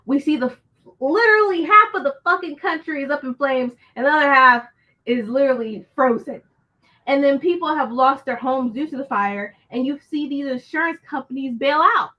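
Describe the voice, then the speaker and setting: Answering her live chat, a book channel host vents on a casual livestream, frustrated and cursing as she rants. She speaks at normal speed in a high voice, with the highs cut off in the audio.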